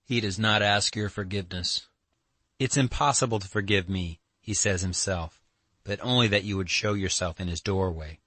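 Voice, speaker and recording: A man's voice: low voice, normal speed, fairly bright tone, dry recording. A man reading an audiobook, voicing an earnest young man who urges and pleads with heavy emphasis. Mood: insistent.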